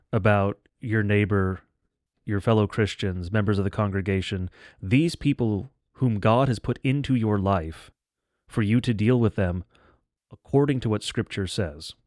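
Low-voiced man hosting a religious podcast. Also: unhurried, a little mellow, no echo, clean studio sound. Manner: plain-spoken, blunt, explanatory. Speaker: podcast host. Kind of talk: spoken commentary on scripture.

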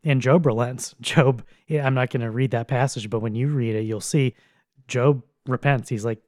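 A man's voice: medium pitch, fairly even intonation, moderate pace, darkish tone, no echo, studio quality. A man teaching on a Bible passage in a casual, conversational and blunt way, with occasional chuckles.

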